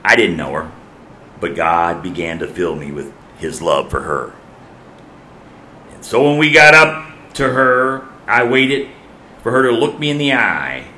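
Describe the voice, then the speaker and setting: A man pastor preaching a sermon, dramatic, repeating key lines and swinging between soft and loud. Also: sits low, very animated, a little slow, long pauses, reverberant, a little hiss or hum.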